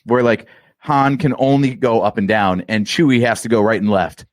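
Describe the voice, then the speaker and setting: A man's voice: lowish voice, fairly even intonation, normal speed, dry recording. A man co-hosting a casual podcast chat, chiming in with wry, teasing remarks. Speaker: podcast co-host.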